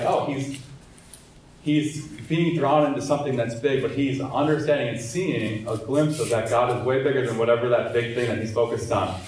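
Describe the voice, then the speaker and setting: A man's voice: medium pitch, darkish tone, slight background noise. Echoey, distant man teaching. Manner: casual and earnest, with fillers and restarts. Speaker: evangelism trainer. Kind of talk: church training talk with scripture reading. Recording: very echoey room, mic far off.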